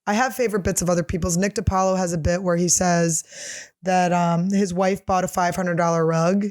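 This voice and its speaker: A woman's voice: fairly low pitch, fairly even intonation, brisk, a little mellow, dry recording, studio quality. A woman comedian in her thirties, answering listener questions in a casual solo chat, blunt, crude and self-mocking.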